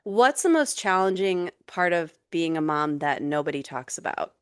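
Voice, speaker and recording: A woman in her thirties hosts a casual podcast chat, chatty and quick to ask questions. Her voice is smooth and clear, set somewhat low. The sound is dry and close. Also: expressive, no echo. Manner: chatty, asks questions, quotes her child. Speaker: podcast host and mother.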